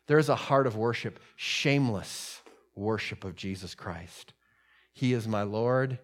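A male pastor preaching a sermon, his voice swelling with emphasis and then dropping low for solemn points. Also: moderate pace.

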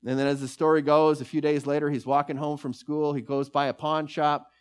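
A man preaching a sermon, reading scripture aloud and telling a story with slow, emphatic pauses. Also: a little high, flat delivery, clean tone. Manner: reads scripture passages aloud.

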